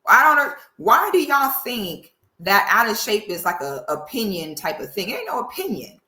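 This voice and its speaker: A woman doing reaction commentary in a sassy, animated, drawling way. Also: medium pitch, moderate pace, echoey room. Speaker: commentary host.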